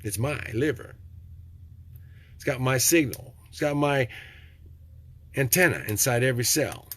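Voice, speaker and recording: An older man from Texas giving a rambling, preachy motivational talk, swinging from low and quiet to loud. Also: a little slow. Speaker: vlogger.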